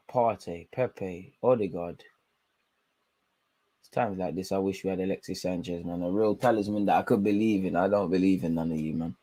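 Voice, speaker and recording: A man's voice: sits low, moderate pace, pauses often, dark tone, dry recording. A young man giving blunt, slangy, frustrated running commentary while watching a football match live. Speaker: football fan channel host.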